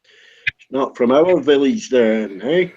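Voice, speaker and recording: A man's voice: mid-range voice, expressive, slow, warm tone, highs cut off. A man chatting casually on an online group call, blunt and swearing freely.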